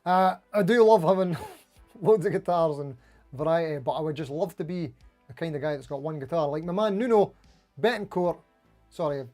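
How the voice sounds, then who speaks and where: A man's voice: a little high, darkish tone. A man hosting a casual livestream, greeting viewers by name and reading out their comments in a chatty, friendly way, often saying "mate" and "anywho". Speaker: livestream host.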